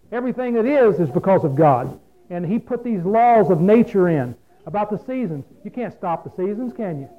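A man preaching a folksy, plain-spoken sermon, often asking his listeners questions. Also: high-pitched. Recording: phone-like lo-fi radio broadcast.

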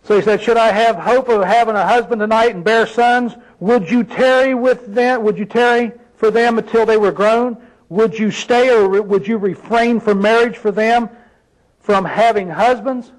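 A man's voice: high voice, poor audio. A man preaching a sermon, reading scripture aloud and pressing the congregation with rhetorical questions.

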